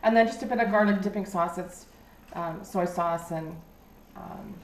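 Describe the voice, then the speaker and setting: A woman's voice: on the low side, normal speed, a little hiss or hum. A woman guest casually walking friends through a recipe in a kitchen, easygoing and step by step. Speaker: guest cook. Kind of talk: casual chat. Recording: echoey kitchen.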